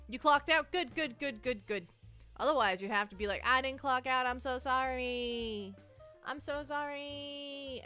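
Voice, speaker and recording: A woman's voice: mid-range voice, pushed and bright. A nervous woman streamer chatting casually, rambling and restarting her sentences, anxious and shaky. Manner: nervous, rambling, self-interrupting. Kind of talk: casual live-stream chat.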